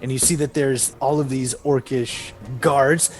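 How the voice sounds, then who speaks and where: A man narrating as game master, casual and halting, often laughing. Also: medium pitch, steady tone, soft background music.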